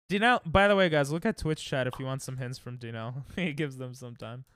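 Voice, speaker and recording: A young man streaming casually, reacting excitably and thinking aloud while he plays, sounding tired. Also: medium pitch, fairly quick, hardly any pauses, smooth, dry recording, studio quality. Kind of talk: casual live-stream chat while playing games.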